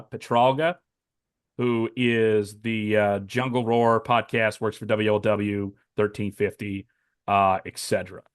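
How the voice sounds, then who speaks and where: A man's voice: on the low side, clear, resonant tone, dry recording, clean studio sound. A man co-hosting a fan sports podcast, ranting and mocking with impressions and swearing in casual chat. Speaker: podcast co-host.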